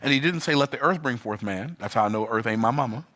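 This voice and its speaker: A man's voice: fast, pushed and bright. A man preaching a sermon, asking the listener questions and swinging his voice up and down. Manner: rhythmic preaching, rising and falling in pitch.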